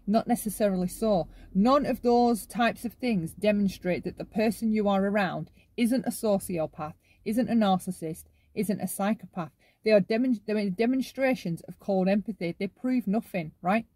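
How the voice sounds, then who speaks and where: A woman's voice: medium pitch, normal speed, a little mellow, no room sound. A woman hosting a casual commentary monologue, often ending her points with "right?". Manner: talks in long runs, ends many lines with "right?". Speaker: commentary channel host.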